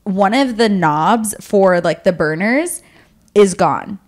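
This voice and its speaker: A young woman co-hosting a podcast, telling family stories in casual chat, quick and swearing, mimicking her parents. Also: medium pitch, animated. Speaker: podcast co-host.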